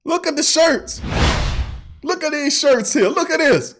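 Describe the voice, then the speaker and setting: A man hosting a casual sports talk livestream, animated and emphatic, repeating himself and often laughing. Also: very high voice, measured pace. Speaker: sports talk show host.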